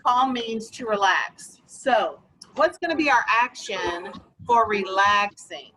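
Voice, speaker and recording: A woman teaching young children in a classroom, patiently asking questions and slowly explaining vocabulary. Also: medium pitch, expressive, bright, forceful tone, slight background noise, poor audio. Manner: patient, questioning, slow and encouraging. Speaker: elementary school teacher. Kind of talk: classroom lesson.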